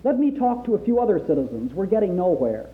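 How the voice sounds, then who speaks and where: A man's voice: sits high, big pitch swings, fast. A man reading the part of an arrogant, sarcastic spaceship captain, speaking sternly. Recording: tinny phone-like sound.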